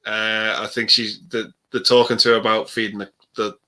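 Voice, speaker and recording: A man in a casual movie chat, easygoing and quick to agree. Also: fairly low pitch, flat delivery, sharp tone.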